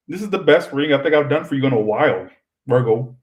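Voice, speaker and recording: A man's voice: fairly high pitch, fast, poor audio. A young man giving a chatty, rambling live-stream tarot reading, swearing freely and talking straight to his viewers. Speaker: tarot reader.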